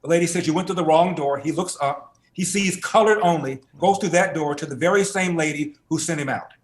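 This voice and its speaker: A man's voice: fairly high pitch, a little fast. Emphatic man telling a story, echoey room. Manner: animated, emphatic storyteller, builds with repetition. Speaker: guest author. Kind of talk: personal storytelling in an interview.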